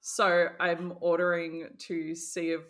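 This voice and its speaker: A woman's voice: on the low side, completely flat delivery, slow pace, a bit bright. A young woman co-hosting a book podcast, talking bluntly and swearing casually. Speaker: podcast co-host. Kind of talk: casual chat.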